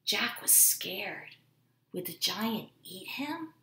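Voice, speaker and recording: Expressive woman reading a children's story. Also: mid-range voice, takes it slowly, roomy sound. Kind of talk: children's story read-aloud. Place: home room with dogs.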